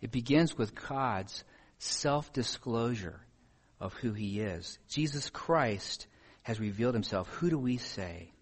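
A man's voice: mid-range voice, animated, takes it slowly, slightly rough. Man preaching, reading scripture aloud. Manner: reads scripture aloud, then asks pointed questions.

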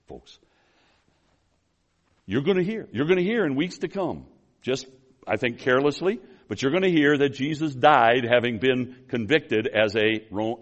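A man preaches an expository sermon, animatedly telling the story and swinging between loud emphasis and quiet asides. He calls the congregation folks, restarts phrases and apologizes for running long, in a medium-pitched, lively voice at normal speed over dull audio.

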